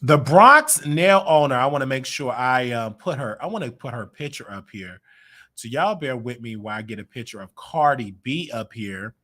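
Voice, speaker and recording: An American man hosting a livestream commentary show, chatting with viewers and clearing his throat often. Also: mid-range voice, animated, normal speed, sharp tone. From United States. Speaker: show host. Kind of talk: livestream commentary talking to the chat.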